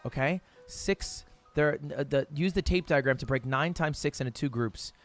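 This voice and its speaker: A young man streaming himself solving math drills, reading questions aloud fast, muttering counts and shouting in frustration. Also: on the high side, faint music behind. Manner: frustrated outbursts, reads questions aloud fast, counts under his breath. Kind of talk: live-stream commentary while solving math problems.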